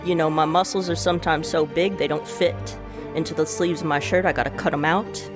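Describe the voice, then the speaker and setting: A woman's voice: steady tone, brisk, over music, lightly acted. A woman putting on a bragging Southern cowboy. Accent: Southern US, put on. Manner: lowered voice, bragging drawl. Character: boastful male Texan cowboy, swaggering, vain.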